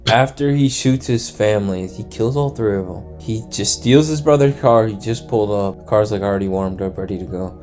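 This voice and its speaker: A man's voice: lowish voice, brisk, hardly any pauses, darkish tone, faint music behind. A young man casually retelling a true crime story, slangy and profane, acting out the people he quotes. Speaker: storyteller host.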